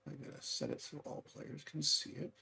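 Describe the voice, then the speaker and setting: A man's voice: a little high, level tone, fairly quick, vocal fry, pushed and bright, slight background noise. A man running a tabletop game as game master, explaining rules and correcting himself as he goes.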